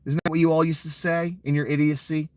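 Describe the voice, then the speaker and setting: A man's voice: a little high, level tone, fast talker, no echo. A middle-aged man delivering an angry political rant to his viewers, sarcastic and mocking, swearing freely. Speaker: political commentary vlogger.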